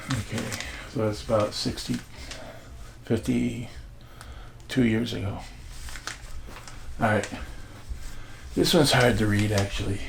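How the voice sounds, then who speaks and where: An older man with a gravelly voice, rambling casually through old newspapers with many fillers and asides. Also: medium pitch, a little hiss or hum. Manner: meandering, chatty, many fillers. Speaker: vlogger reading old newspapers. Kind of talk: casual rambling show-and-tell.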